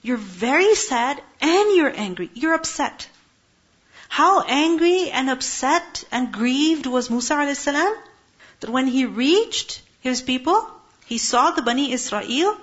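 A woman's voice: sits high, lively intonation, a little slow, fairly bright tone. A woman teaching a Quran lesson, explaining Arabic words and asking her listeners questions. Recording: muffled lo-fi recording.

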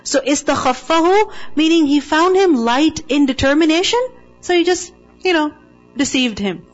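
High-voiced woman teaching with emphasis. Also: animated, normal speed, dull audio, soft background music. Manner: emphatic, asks rhetorical check questions. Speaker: Quran teacher. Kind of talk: explaining a Quranic word to a class.

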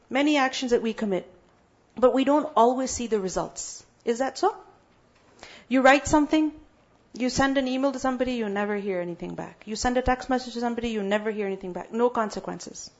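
Woman, Quran teacher, high voice, questions and answers herself, slightly dull recording. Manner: builds emphasis through repetition. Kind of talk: Quran tafsir lesson.

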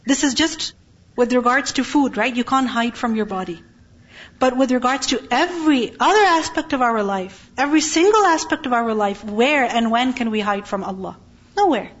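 A woman with a high voice gives a religious lesson to a class. She keeps asking her listeners questions and then answers them herself. The recording sounds dull and lo-fi. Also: lively intonation, normal speed. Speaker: Quran teacher.

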